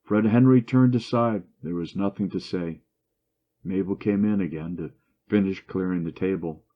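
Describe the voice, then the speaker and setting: A man reading a classic short story aloud in steady, even narration. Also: deep voice, moderate pace, slight background noise. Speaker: story reader. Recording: dull lo-fi recording.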